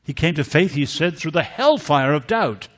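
Brief: older British male speaker, lively pitch, emphatic storytelling lecture. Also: moderate pace. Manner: storytelling, rising to emphatic force on key words. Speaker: conference speaker. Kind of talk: apologetics lecture.

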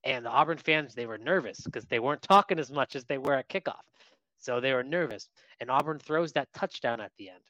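A man co-hosting a casual sports podcast, telling lively stories about what he saw at a game. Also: mid-range voice, no room sound, muffled recording. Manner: lively anecdotal storyteller. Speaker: podcast co-host.

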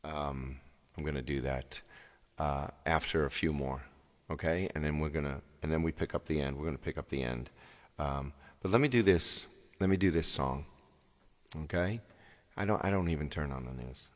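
A man's voice: extremely low pitch, normal speed. A man singer live-streaming to his viewers, chatting casually and rambling, often repeating his phrases. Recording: long hall reverb, faint music behind.

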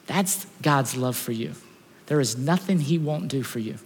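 Male pastor, sermon, mid-pitched voice, animated storytelling, long church-hall reverb. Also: moderate pace. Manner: animated storytelling, swings from loud acted outbursts to hushed.

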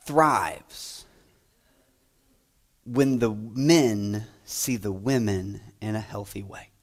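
A man preaching a sermon, telling stories with loud quoted lines and quiet trailing asides. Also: on the low side, very slow. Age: adult, grew up playing school basketball. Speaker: pastor.

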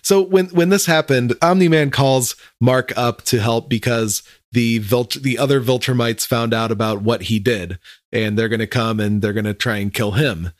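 A man co-hosting a casual podcast chat, laid-back and agreeable, thinking out loud about the plot. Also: mid-range voice, normal speed, no room sound, clean studio sound. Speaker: podcast co-host.

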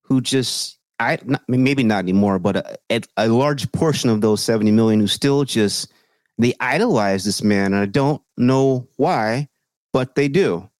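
A man's voice: mid-range voice, normal speed, dry recording. A man co-hosting a podcast, talking politics in casual, profane, sarcastic chat. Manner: profane, sarcastic, mocking quoted voices. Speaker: podcast co-host.

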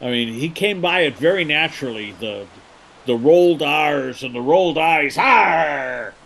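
A man being interviewed, telling stories in an animated way and laughing easily in casual chat. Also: fairly high pitch, moderate pace, a little hiss or hum, poor audio. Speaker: guest, pirate holiday co-founder.

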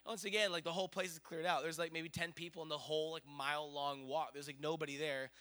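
A middle-aged man preaching, telling a story in an animated, excitable way. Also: a little high, fast. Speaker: pastor. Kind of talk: sermon storytelling.

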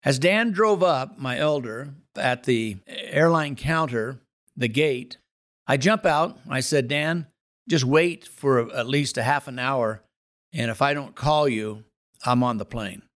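A man's voice: medium pitch, slow pace, fairly bright tone. Earnest storytelling pastor, a man. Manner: earnest, dramatic storyteller with building emphasis. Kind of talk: spoken testimony storytelling.

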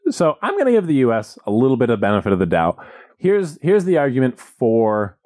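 A podcast co-host tells stories through casual banter, animated and jokey, acting out quotes in exaggerated voices. His voice is medium-pitched and fairly quick. The recording is studio quality with no room sound.

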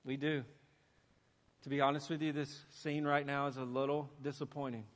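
A man preaching a sermon in a church, animated and acting out the voices he quotes. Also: mid-range voice, moderate pace. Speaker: pastor. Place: church sanctuary. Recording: long hall reverb.

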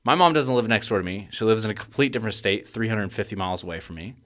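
With a lowish voice and fast delivery, a young co-host spins a casual podcast story. He swears without restraint and turns loud and heated as the panic comes back to him.

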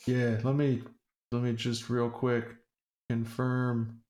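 A man's voice: mid-range voice, monotone, slow, heavy background noise. A man co-hosting a podcast, casually plugging a show and running announcements with jokes. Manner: jokey, hyping plugs and announcements. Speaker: podcast co-host.

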